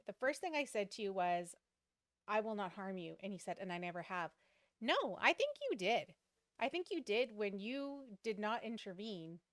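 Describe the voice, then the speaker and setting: Woman host, chatty reaction commentary, dry close sound, mid-pitched. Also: no room sound. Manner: chatty, animated, thinking aloud with many fillers.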